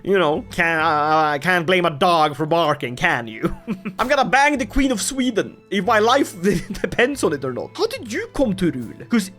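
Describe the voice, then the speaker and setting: Excitable woman doing gameplay commentary. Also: lowish voice, moderate pace, faint music behind. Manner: excitable, jokey, laughs often, swings from shouts to mutters. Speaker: gaming video host.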